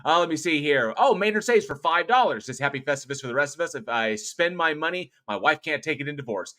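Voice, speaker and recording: Male livestream host, bright ringing tone, chatty and thankful, casual swearing. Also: fairly high pitch, expressive, fast talker. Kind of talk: casual livestream chat, reading out viewer comments.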